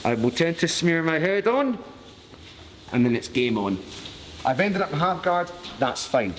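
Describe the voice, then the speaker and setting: A man's voice: on the high side, sing-song, measured pace, in a large hall, a little hiss or hum. A man from Glasgow with a broad Glaswegian Scottish accent, teaching a live martial arts class in a jokey, cheeky way and swearing freely. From Glasgow, Scotland. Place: training mat with a class around him.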